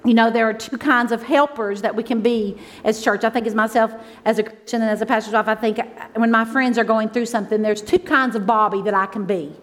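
High-voiced woman preaching warmly. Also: steady tone, a little fast, few pauses. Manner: emotional, conversational preaching, swings from loud exclaims to soft asides. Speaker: pastor's wife preaching. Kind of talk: sermon.

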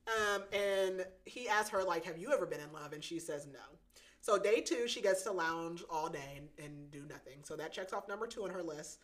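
A woman's voice: fairly low pitch, moderate pace. A woman hosting a podcast, casually recapping a romance novel with lots of "like" and frequent giggles. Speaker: podcast host. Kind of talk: casual book recap chat.

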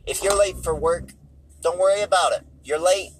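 A man's voice: sits high, normal speed, a little hiss or hum, rough recording. A man giving casual spoken commentary on movies while driving, repeating his points for emphasis. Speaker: movie reviewer. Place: car on the road.

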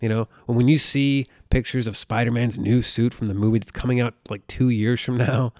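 In a dry, studio-quality recording, an American podcast host in his thirties speaks a little fast in a steady, darkish mid-range voice. He's ranting casually, rambling and exasperated, with plenty of profanity.

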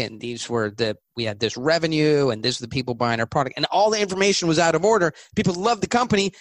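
A male author from California, talking as an interview guest and telling animated anecdotes. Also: a little high, no room sound. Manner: animated, anecdotal, quick asides. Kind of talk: conversational interview storytelling.

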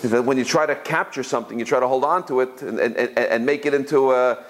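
A man's voice: quick pace, slight background noise. A man giving an informal religious lesson, telling stories and often repeating words as he searches for his phrasing. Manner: storytelling, jumps higher when quoting others. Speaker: Torah teacher.

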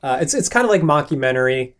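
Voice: medium pitch, sing-song, fast talker. A podcast host with a mid-range voice chats in a rambling, enthusiastic way. Sentences often restart as the ideas pile up. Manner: chatty, rambling with fillers and restarts. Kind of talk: casual podcast chat.

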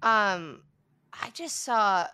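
A woman in an improv comedy scene, speaking in halting, stammering bursts. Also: mid-range voice, lively intonation, pushed and bright, clear, resonant tone. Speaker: improv performer.

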